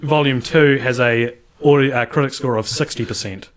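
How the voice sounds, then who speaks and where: A man's voice: mid-range voice, normal speed. A young man co-hosting a casual podcast, chatty and often breaking into laughter mid-sentence. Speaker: podcast co-host.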